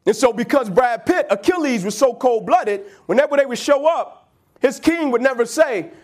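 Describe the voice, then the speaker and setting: Man, motivational storyteller, very high voice, animated, slangy, conversational. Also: normal speed.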